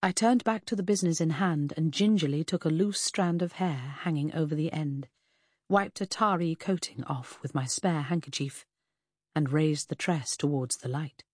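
A woman narrating a novel in the first person, in a measured reading that slows on grim details. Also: sits low, a little mellow, husky, no room sound, clean studio sound. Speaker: audiobook narrator.

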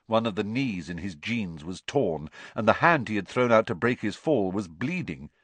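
A man narrates an audiobook in an expressive, storytelling style. His voice is on the low side at a normal speed, with no echo.

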